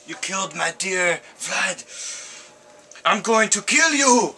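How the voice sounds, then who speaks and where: A man playing a melodramatic, self-pitying Russian villain who is dying, in a put-on Russian accent, with overwrought, drawn-out lamenting in an amateur comedy spoof. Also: high voice, animated, gravelly, sharp tone, voice pushed up, exaggerated voice. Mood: menacing. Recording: distant mic, faint hiss.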